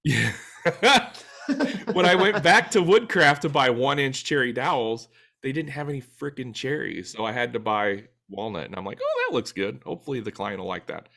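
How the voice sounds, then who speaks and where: A man's voice: medium pitch, normal speed, vocal fry, sharp tone. A man co-hosting a woodworking podcast, chatting casually and rambling through stories with lots of filler words. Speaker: podcast co-host. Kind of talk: casual chat.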